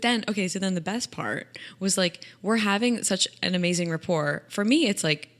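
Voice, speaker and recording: A woman's voice: medium pitch, a little fast, few pauses, fairly bright tone. A young adult woman hosting a podcast, telling funny personal stories in a chatty, self-mocking way and laughing often. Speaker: podcast host. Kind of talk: comic personal storytelling.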